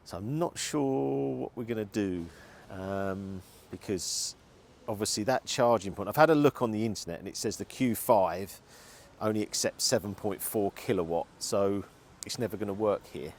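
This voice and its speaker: A man's voice: lowish voice, moderate pace, creaky, few pauses, a little mellow. A man venting his frustration while driving, talking and muttering to himself in a car vlog. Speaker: car vlogger.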